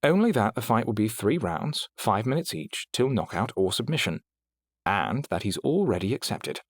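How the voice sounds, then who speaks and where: Pitching himself above his natural lowish register, a man voices a refined, polite female AI companion for an audiobook in a sing-song lilt at normal speed. The recording is dry with clean studio sound, and the character's British accent and precise, proper diction make her sound courteous and poised.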